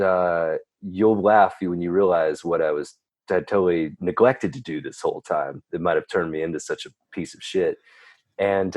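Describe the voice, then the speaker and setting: Low-voiced male guest, candid and rambling, profane storyteller, dry close sound. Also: no echo. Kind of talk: casual storytelling.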